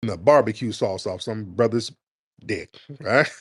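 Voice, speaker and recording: A man hosting a confrontational call-in show, his pitch swinging widely as he taunts and mocks. He draws out his questions slowly and repeats them. The sound is dry and close. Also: expressive, slightly rough, no echo. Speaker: host of a call-in talk show. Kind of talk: confrontational call-in radio talk.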